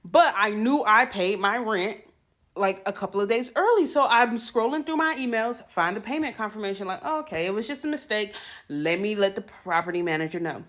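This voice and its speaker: A woman telling a story in a casual rant about a surprise fee, acting out what she and the property manager said. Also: mid-range voice. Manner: animated, acts out both sides of the exchange. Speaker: tenant ranting about her landlord.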